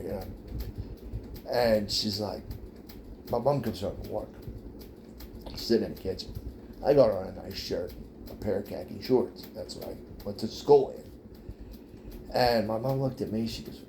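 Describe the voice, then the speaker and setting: A man's voice: lowish voice, a little slow, pauses often, dark tone, slight background noise. A man casually telling a personal story to his viewers, rambling and repeating words as he goes.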